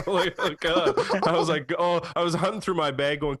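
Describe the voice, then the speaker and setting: A man, hosting a late-night tech podcast, telling a story in a casual, animated way with frequent laughs. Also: on the high side, a little fast, few pauses, dry recording. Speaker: podcast host, computer repair tech.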